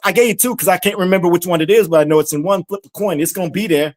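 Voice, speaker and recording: A podcast host preaching on scripture, firing rhetorical questions, repeating words for emphasis, and swinging from hushed asides to shouts. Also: medium pitch, fast talker, hardly any pauses. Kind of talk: fiery preaching commentary.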